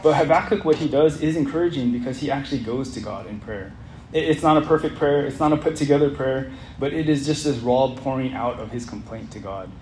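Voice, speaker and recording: In a room with noticeable echo and faint background noise, a man earnestly reads through a Bible study lesson and puts questions to those gathered. His mid-range voice is a little mellow, and his delivery is brisk.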